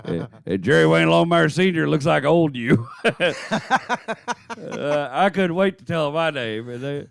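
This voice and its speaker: A man's voice: on the high side, animated, unhurried, creaky. A man in his forties, a podcast co-host telling a long story in casual chat, laughing as he talks. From Texas.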